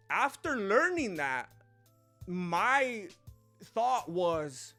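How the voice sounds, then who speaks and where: High, bright-voiced male commentator. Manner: animated, rambling, jokey asides. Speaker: online commentator. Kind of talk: casual vlog commentary.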